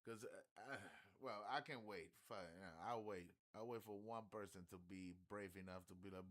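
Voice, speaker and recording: A man with a low-pitched but bright, forceful voice, chatting on a live stream. He rambles loosely, laughs often and swears freely. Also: moderate pace, few pauses. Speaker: livestreamer. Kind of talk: casual live-stream chat.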